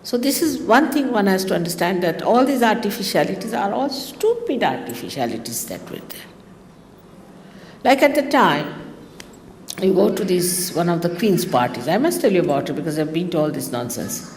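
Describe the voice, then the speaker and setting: A woman, giving a spiritual talk to her followers in a lively, teasing manner with mocking asides. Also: lowish voice, normal speed, a little hiss or hum. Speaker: spiritual teacher. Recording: long reverb of a hall, faint ambience.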